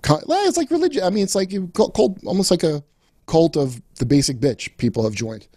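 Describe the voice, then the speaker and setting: Sardonic, swearing podcast host. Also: male voice, a little high, lively intonation, brisk, mellow, no room sound, clean studio sound. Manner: profane, sardonic riffing. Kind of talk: casual podcast chat.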